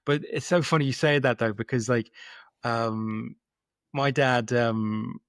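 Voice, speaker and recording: A man's voice: mid-range voice, fairly even intonation, unhurried, dry recording, clean studio sound. A man hosting a podcast interview, talking casually and often repeating words as he gathers his thoughts. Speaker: podcast host.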